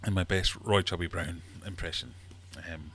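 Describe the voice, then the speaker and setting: A man hosting a casual livestream from his fish room, chatty and quick to laugh while telling jokes. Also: sits low, steady tone, a bit bright, slight background noise. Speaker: livestream host.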